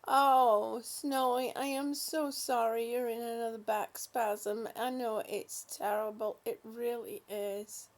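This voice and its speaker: A woman hosts a relaxed livestream and reads viewers' comments aloud. Her voice sits high and her pace is unhurried. She talks affectionately and calls people honey and sweetie. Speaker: livestream host. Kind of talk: casual livestream chat reading viewer comments.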